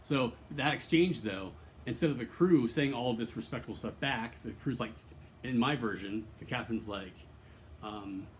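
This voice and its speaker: A man's voice: mid-range voice, moderate pace, a little hiss or hum. A man talking straight to camera in a rambling, candid personal confession, earnest and emotionally open, swearing freely and restarting his sentences often. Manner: candid and profane, full of restarts and fillers. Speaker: vlogger.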